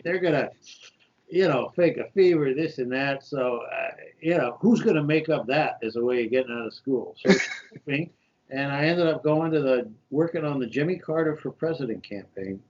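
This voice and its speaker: A man in his fifties from New York, telling animated stories in an interview and acting out the quotes. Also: a little high, normal speed, muffled recording. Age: 50s. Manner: animated anecdotal storytelling with voiced quotes. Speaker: guest, shadow senator. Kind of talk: storytelling interview.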